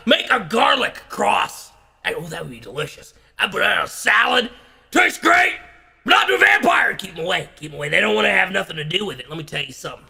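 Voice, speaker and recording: A man doing a parody impression of a bombastic radio host, with a gravelly, raspy voice, blustering and bursting into shouts between halting, filler-heavy stretches. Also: on the high side, full character voice. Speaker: comedian doing a parody rant. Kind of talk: comedic impression rant.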